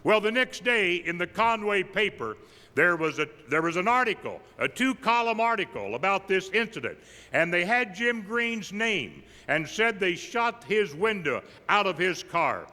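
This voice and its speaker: An older man, an evangelist, tells humorous personal stories at a tribute, delivering his punchlines deadpan. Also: high voice, moderate pace. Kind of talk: folksy storytelling tribute. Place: large camp meeting hall. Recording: live in a big reverberant hall.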